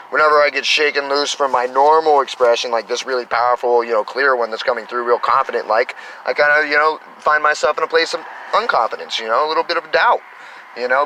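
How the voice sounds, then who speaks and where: A man's voice: on the high side, sharp tone, slight background noise, rough recording. A man in his thirties talking outdoors in a rambling, enthusiastic way about spiritual experiences, vlogging to camera. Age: 30s. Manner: enthusiastic, meandering, spiritual self-talk. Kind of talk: rambling casual monologue.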